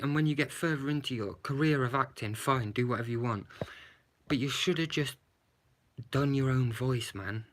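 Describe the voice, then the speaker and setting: A man's voice: medium pitch, a bit bright, slight background noise. A man giving a blunt, sarcastic movie review, swearing and adding "yeah?" to his points. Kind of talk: casual movie review rant.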